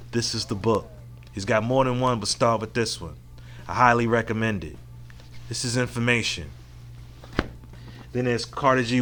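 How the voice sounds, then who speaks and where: A man hosting his own podcast by himself, speaking at a middle pitch. He is frank and reflective and swears freely, as if talking into a home mic. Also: a bit bright. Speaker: podcast host. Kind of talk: casual solo podcast monologue.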